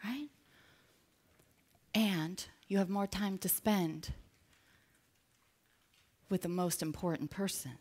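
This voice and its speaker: A woman business coach giving an energetic motivational seminar talk, drawing the audience in with call-and-response questions. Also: fairly low pitch, slow, long pauses. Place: live event with an audience.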